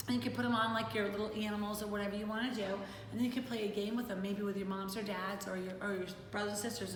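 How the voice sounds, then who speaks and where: A woman reading a picture book aloud to children, animated and talking to them between pages. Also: a little high. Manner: animated, talks to kids and plays with puppets. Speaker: children's storyteller. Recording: echoey hall with faint noise.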